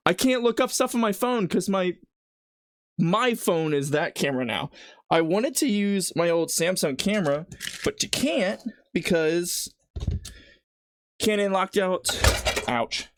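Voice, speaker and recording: Chatty man streaming while he cooks. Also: fairly high pitch. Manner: rambling, chatty, talks to viewers between kitchen tasks. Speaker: livestreamer. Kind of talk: casual live-stream chat while cooking. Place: home kitchen.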